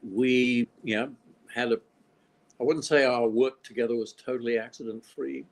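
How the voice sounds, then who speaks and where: A man's voice: medium pitch, fairly even intonation, moderate pace, rough recording. An older man from Australia, a film director being interviewed, talking in a rambling way with dry, wry humor. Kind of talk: casual interview conversation.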